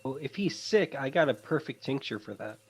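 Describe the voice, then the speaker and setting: A man playing a tabletop game, speaking as a fast-talking peddler with a lot of hesitant filler. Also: medium pitch, expressive, slightly rough. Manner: fast-talking salesman patter with many fillers. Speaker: player. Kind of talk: in-character tabletop role-play.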